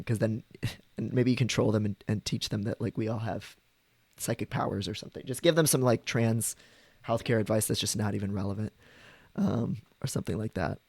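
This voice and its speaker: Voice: mid-range voice, no echo. A streamer chatting casually with viewers, rambling with frequent ums and likes.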